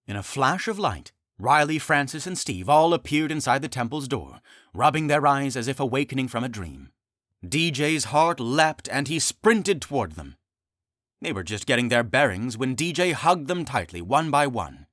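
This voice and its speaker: A man narrating his own fantasy comedy audiobook in an expressive, animated way. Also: mid-range voice, moderate pace, no echo, studio quality.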